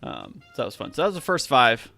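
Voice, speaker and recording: Chatty guy running a quiz on his podcast, bit of fry in his voice, laughs a lot. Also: mid-range voice, huge pitch swings, sharp tone, faint music behind. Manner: laughs often, quick and chatty. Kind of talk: casual chat.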